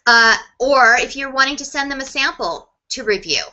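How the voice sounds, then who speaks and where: Middle-aged lady teaching a sales webinar, chatty, a bit high-pitched, bright tone. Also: highs cut off. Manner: quick, chatty, with restarts and laughs. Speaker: sales coach.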